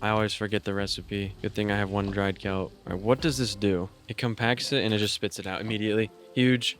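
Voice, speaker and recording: A young man talks through his gameplay in a casual, excitable way, mocking himself as he goes. His voice sits fairly low for a man, and he thinks aloud while he works things out. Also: fairly quick. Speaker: gaming YouTuber.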